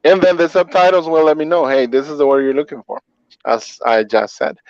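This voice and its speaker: A man's voice: a little high, lively intonation, a little fast, darkish tone, no room sound. A man who speaks Spanish as his first language, a call center interpreter talking through his answers in a casual interview, explaining with examples. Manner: chatty, explains with examples, filler-heavy. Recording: dull, dry muffled audio.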